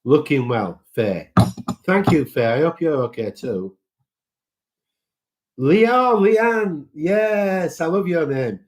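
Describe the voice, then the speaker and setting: A man's voice: mid-range voice, big pitch swings, unhurried, a little mellow. A man hosting a casual live chat, reading out viewer comments and greeting people by name in a sentimental way.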